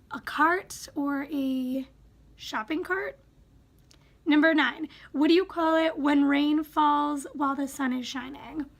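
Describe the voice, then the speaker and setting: High-voiced Wisconsin woman reading word lists. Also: creaky. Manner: reads a word list, musing aloud and second-guessing her pronunciations. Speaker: vlogger. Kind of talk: casual accent tag reading.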